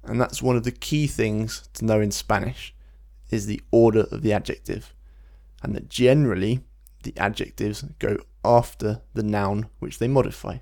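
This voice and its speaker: A man, teaching a Spanish lesson in a relaxed podcast style, explaining patiently and slowing down to model phrases. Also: on the low side, gravelly. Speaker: language teacher.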